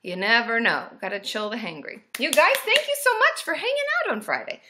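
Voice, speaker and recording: A woman's voice: fairly high pitch, wildly swooping pitch, brisk, noisy background. A woman in her thirties, a therapist hosting a casual livestream, bubbly and cheering viewers on with woos and yays.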